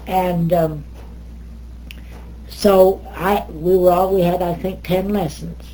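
Older woman, American accent, interview storytelling, lively and rambling, low, mellow. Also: slow pace, rough recording. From United States. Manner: lively, wandering anecdotes with self-corrections. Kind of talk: oral history storytelling.

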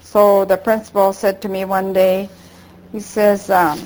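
A woman's voice: medium pitch, flat delivery, a little slow, a little mellow, poor audio. An older woman whose first language is Japanese, rambling through a remembered story in an oral history interview and acting out the dialogue. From United States.

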